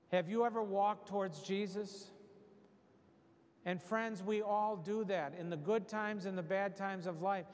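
A middle-aged man giving a parish retreat sermon, telling a story with lively humor. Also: high-pitched. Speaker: retreat preacher. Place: church. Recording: echoey church hall.

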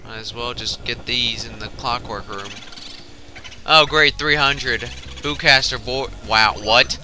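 Chatty man commentating gameplay, very bright tone. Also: medium pitch, fairly even intonation, measured pace, a little hiss or hum. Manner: chatty, mumbling asides. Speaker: let's play host.

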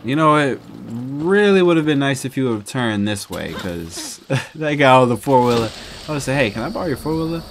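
Excitable man narrating his gameplay. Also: mid-range voice, normal speed, slight background noise. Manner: chatty, bursts into loud excited yelps. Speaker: gameplay commentator. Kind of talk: casual let's-play commentary.

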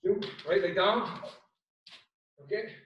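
Karate sensei, Irish man, higher voice, unhurried; distant mic, very echoey room. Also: fairly even intonation, highs cut off, slight background noise. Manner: calls out commands and counts, brisk shouted cues. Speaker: karate instructor. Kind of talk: online class instruction. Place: home room on video call.

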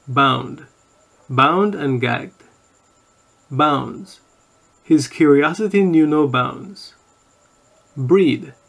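A man reading course audio, saying each word and then an example sentence in a slow scripted vocabulary reading. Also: medium pitch, creaky, fairly bright tone.

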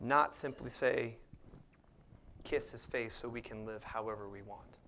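A pastor preaches a sermon in a mid-range, creaky voice at an unhurried pace, dropping to hushed near-whispers and rising to loud, emphatic passages. He acts out the prayers and lines he quotes, with slight background noise.

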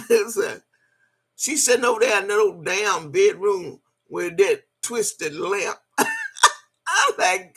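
Gravelly-voiced older woman ranting. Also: mid-range voice, big pitch swings, slow, a bit bright. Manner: profane, mocking, laughs often. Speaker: vlogger. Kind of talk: casual rant to the camera.

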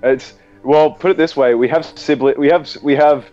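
A man's voice: fairly high pitch, steady tone, normal speed, warm tone, highs cut off, faint music behind. A man co-hosting a podcast in casual chat, trading crude jokes. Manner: joking, crude banter. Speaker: podcast co-host.

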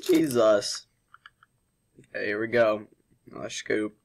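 A man's voice: fairly low pitch, wildly swooping pitch, measured pace, gravelly. A young male vlogger doing a sugar challenge, worn out and dramatic, coughing and complaining between words. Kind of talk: casual vlog.

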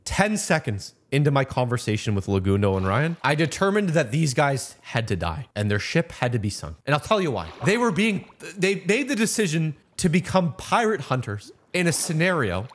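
A man's voice: a little high, big pitch swings, normal speed, few pauses. A man narrating a voiceover for a game video, rambling off script and talking to himself. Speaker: video host.

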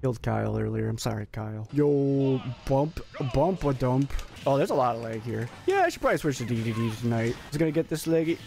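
A man with a raspy voice giving excitable, jokey live commentary as he plays, breaking into sudden yelps. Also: mid-range voice, fairly quick, faint music behind. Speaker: streamer.

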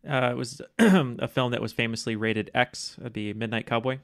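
A man in a casual podcast trivia game who answers with confidence and slips in dry jokes. His voice sits at an average pitch. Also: moderate pace, creaky, a bit bright. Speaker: solo quiz contestant.

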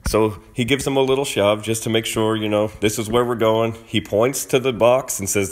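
A man's voice: fairly low pitch, steady tone, normal speed, hardly any pauses. A man giving an argumentative commentary on hockey video clips, acting out what players and officials say. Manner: emphatic, argumentative, acts out quotes.

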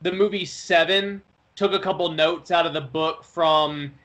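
A man with a high, bright, forceful voice chatting on a podcast. He tells stories with animation and stumbles over repeated words as he gets going. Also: steady tone, a little slow. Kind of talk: casual chat.

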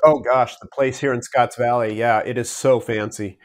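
A man's voice: mid-range voice, fairly even intonation, moderate pace. A man who is an entrepreneur guest on an interview podcast, telling stories casually and chuckling often.

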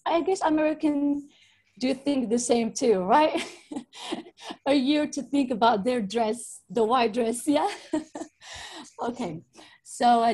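A young woman walks listeners through her slides over a video call, chatty and friendly, often asking whether they follow. Her voice sits a little high and sounds breathy and soft-edged. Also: poor audio. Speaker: presenter. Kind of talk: casual slide presentation.

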